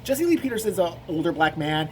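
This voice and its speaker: A man's voice: fairly high pitch, very animated, brisk, a little hiss or hum. A man giving rambling, profane comic commentary on a video. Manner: rambling, profane, laughing asides.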